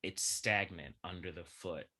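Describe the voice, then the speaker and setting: A young man with a low voice that still has a bright, forceful edge. He chats animatedly as a podcast guest and piles filler words into his run-on thoughts. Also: a little slow. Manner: animated, chatty, heavy use of filler words. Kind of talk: casual chat.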